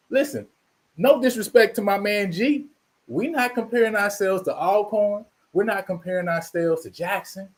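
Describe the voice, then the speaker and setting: A man hosting his channel, delivering an emphatic, preachy commentary monologue and repeating himself for emphasis. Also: high-pitched. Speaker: channel host.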